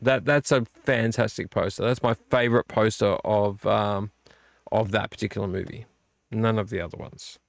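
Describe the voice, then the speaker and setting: Tired vlog host, gravelly, dry close sound, rambling chat. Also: male voice, lowish voice, normal speed, no room sound. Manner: relaxed, rambling, complains about covers. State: tired and yawning. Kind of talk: casual late-night chat. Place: home room.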